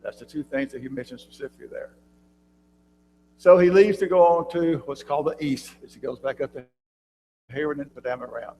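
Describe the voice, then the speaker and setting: A man teaching a church Bible class, talking conversationally, often quizzing his listeners with questions and clearing his throat, recorded in a church room with long reverb and a faint hum. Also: fairly high pitch, brisk, pauses often, mellow. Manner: frequent throat clearing and restarts.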